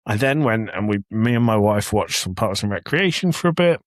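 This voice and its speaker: Joking English man, low and dry. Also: expressive, a little fast, dry recording. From England. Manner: joking, storytelling, laughs often. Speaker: podcast co-host. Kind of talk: casual chat. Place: home office.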